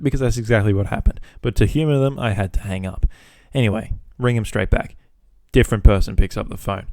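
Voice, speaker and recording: A man's voice: fairly low pitch, fast, few pauses, a little mellow, no echo, clean studio sound. A man hosting a podcast, telling a casual story about his workday with swearing, acting out both sides of phone calls. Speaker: podcast host.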